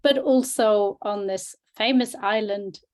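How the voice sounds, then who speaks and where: A woman's voice: medium pitch, takes it slowly, darkish tone. A woman in casual conversation, talking lightly and informally. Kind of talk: casual chat.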